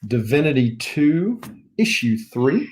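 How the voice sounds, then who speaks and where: Southern US man, warm dark tone, chatty rambling show-and-tell, middle pitch. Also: sing-song, takes it slowly. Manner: rambling, chatty, listing items one by one. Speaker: comic book collector vlogger. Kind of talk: casual show-and-tell chat.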